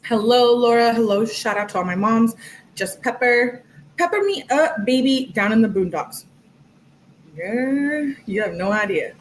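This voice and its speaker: A woman's voice: on the high side, lively intonation, measured pace, slight background noise, rough recording. A woman hosting a casual livestream, chatty and rambling as she reads through text messages and thanks her viewers. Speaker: livestream host.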